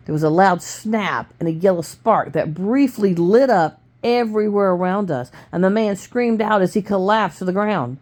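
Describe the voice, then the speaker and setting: Woman reading a story aloud, low-voiced. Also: gravelly. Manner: steady with small stumbles. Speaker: reader.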